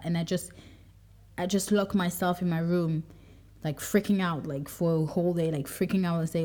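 A woman's voice: lowish voice, fairly even intonation, normal speed, dark tone. A young adult woman hosting her own podcast, talking through her day in a reflective, rambling way, with many fillers and restarts. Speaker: podcast host. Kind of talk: casual personal podcast monologue.

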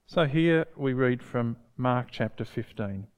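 A man leading a service, reading scripture in a measured, solemn way, then praying. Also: mid-range voice, clear, resonant tone. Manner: solemn, measured reading, raising voice for quoted cries. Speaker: pastor.

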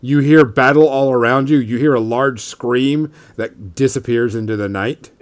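A man's voice: medium pitch, normal speed. A man running a tabletop role-playing game as game master, narrating loosely with lots of fillers.

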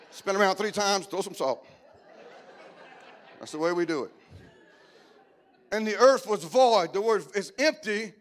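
Cajun pastor, middle-aged man, high voice, joking sermon with sudden whoops. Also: unhurried, long pauses. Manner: joking, animated, breaking into shouts and whoops. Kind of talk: humorous preaching.

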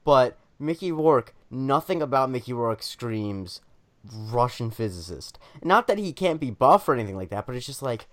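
A man's voice: medium pitch, sing-song, moderate pace. A man co-hosting a casual group discussion, opinionated and emphatic, often stumbling and restarting his sentences.

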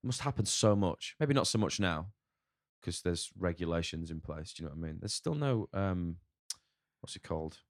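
A man with a northern English accent talks in a very low, deep voice, blunt and full of swearing. He rambles through a casual podcast chat as a chef guest. The sound is dry and close. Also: animated, normal speed, no echo. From north of England. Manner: swears a lot, frank and rambling.

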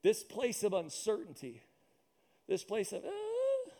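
With a high-pitched, slightly mellow voice and lively intonation, a male pastor preaches at a normal pace. His sermon, heard over church loudspeakers, is emphatic and repetitive, sprinkled with asides and jokes for the congregation.

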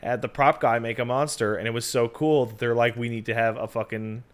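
A man's voice: mid-range voice, steady tone, a little fast. A young man in casual chat who reacts bluntly and swears freely. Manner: blunt and profane.

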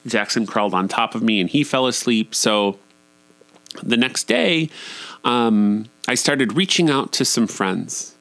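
A man's voice: medium pitch, lively intonation, unhurried, fairly bright tone, dry recording. A man in his forties telling a personal story in a candid, profane, self-deprecating way. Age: 40s. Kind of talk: personal monologue.

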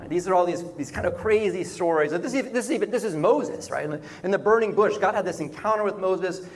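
A man's voice: sits high, fast. A man preaching a conversational sermon, often checking in with "right?" and repeating words as he goes. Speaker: pastor.

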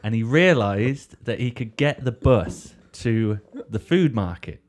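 Chatty podcast host, rambling. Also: male voice, fairly low pitch, a little slow, a little mellow, slight background noise. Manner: rambling, swears, tells anecdotes. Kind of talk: casual comic chat.

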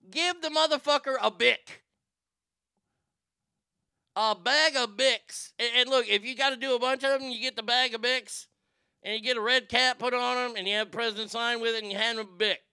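Man, high bright voice, crisp, profane ranting host, reads chat aloud, dry close mic. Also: fairly even intonation, normal speed, dry recording. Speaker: talk show host. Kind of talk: casual live-stream rant.

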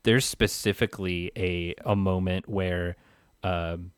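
A man's voice: low voice, steady tone, takes it slowly, smooth, no room sound, studio quality. A man in a casual film discussion, rambling with many fillers and restarts.

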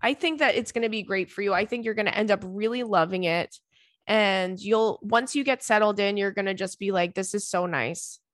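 A woman's voice: mid-range voice, fairly quick, fairly bright tone, no room sound. Female podcast host, casual advice chat, candid and loose with swearing, dry close sound. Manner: candid, swears freely, chatty with fillers.

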